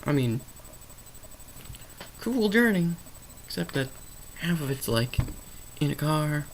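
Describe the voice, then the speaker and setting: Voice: mid-range voice, animated, slow, slight background noise, low-quality recording. A vlogger rambling through an unscripted movie review, sarcastic and emphatic, often correcting themself mid-sentence. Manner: rambling, stream of consciousness, self-correcting.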